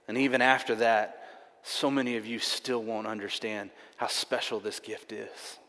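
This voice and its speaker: A man's voice: on the low side, steady tone, normal speed, pushed and bright. A man preaching a sermon, telling a personal story earnestly and repeating himself often. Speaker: pastor. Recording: long reverb of a large hall.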